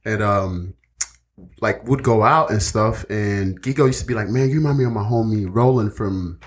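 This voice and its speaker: A man's voice: lowish voice, normal speed. A man co-hosting a podcast, telling a story in casual chat, laughing often and acting out the quotes. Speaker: podcast co-host.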